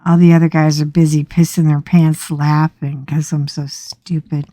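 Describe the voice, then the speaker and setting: A middle-aged American woman telling a story in a chatty, animated way as she talks on her craft channel. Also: low voice, normal speed, dry recording, studio quality. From United States. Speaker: craft vlogger. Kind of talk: casual storytelling chat. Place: small home craft room.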